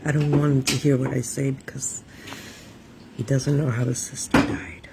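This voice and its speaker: A middle-aged woman live streaming from home, fighting back tears as she keeps pausing to talk to her viewers. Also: extremely low pitch, flat delivery, creaky. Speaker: livestreamer. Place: home room with a fan running. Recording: noisy home livestream with fan hum.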